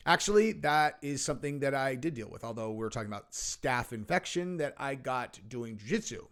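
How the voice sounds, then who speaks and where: Dude mocking a clip, sarcastic casual commentary, kinda high voice. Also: male voice, expressive, moderate pace, hardly any pauses.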